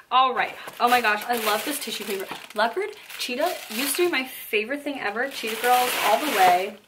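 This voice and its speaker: A woman's voice: a little high, background noise. A young woman beauty vlogger chatting bubbly and gushing, full of fillers, in a casual haul video.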